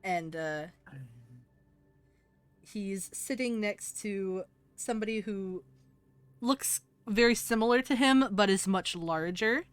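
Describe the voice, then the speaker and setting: A woman narrating a tabletop game as game master, descriptive and relaxed. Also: medium pitch, slow, long pauses, clean tone, no room sound.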